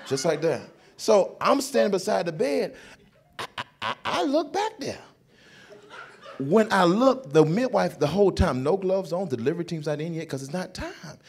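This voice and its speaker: A man with a Southern American accent from North Carolina, performing stand-up comedy with animated storytelling, laughing and breaking into shouts. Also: high voice, normal speed, husky. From North Carolina, USA.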